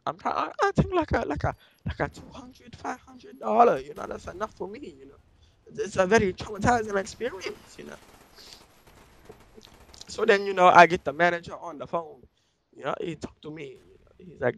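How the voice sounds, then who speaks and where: High-voiced man rambling profane gameplay commentary. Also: sing-song, moderate pace, gravelly, fairly bright tone, breathy edge, poor audio. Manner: profane, says "you know" constantly, broken grammar. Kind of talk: rambling comic storytelling over gameplay.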